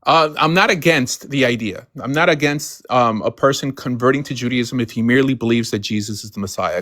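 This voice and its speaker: A man's voice: mid-range voice, dry recording, clean studio sound. A man on a casual live stream explaining his views earnestly, often adding "you know" and "right". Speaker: guest.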